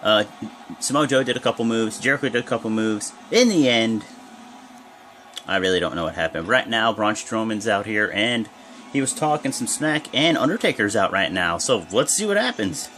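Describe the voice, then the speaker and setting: A man's voice: fairly low pitch, animated, moderate pace, a bit bright. Rambling, sleepy young man. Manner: rambling, keeps correcting himself. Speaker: wrestling reaction vlogger. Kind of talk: casual reaction commentary.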